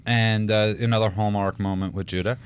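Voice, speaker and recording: A man's voice: lowish voice, fairly even intonation, a little fast, clean tone. A man co-hosting a casual radio talk show, telling stories in a rambling way with many restarts and laughs. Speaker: radio co-host.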